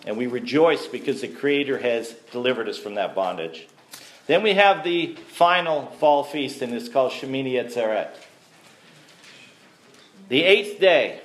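A man teaching a sermon to a congregation, conversational and asking the listeners questions. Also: medium pitch. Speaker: messianic teacher. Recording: echoey room.

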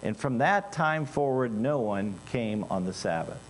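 A man preaching a sermon in an animated way, dropping into quiet asides and rising into loud, emphatic bursts. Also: medium pitch, unhurried.

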